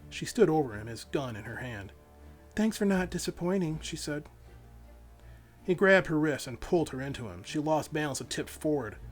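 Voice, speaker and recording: Male author narrating with lively pitch. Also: moderate pace, faint music behind. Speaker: author reading his novel. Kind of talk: first-person audiobook narration.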